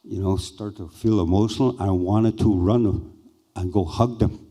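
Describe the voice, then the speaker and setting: An older man slowly and haltingly recounting a personal experience as a speaker at a conference. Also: fairly low pitch, steady tone, dark tone. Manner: slow, halting, reflective. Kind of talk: personal storytelling.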